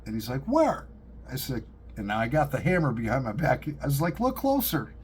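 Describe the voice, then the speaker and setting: A middle-aged man, vlogging to camera and telling animated, joking stories, laughing at his own punchlines. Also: medium pitch, quick pace, slight background noise. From upstate New York. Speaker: pipe-smoking vlogger. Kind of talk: casual storytelling to camera.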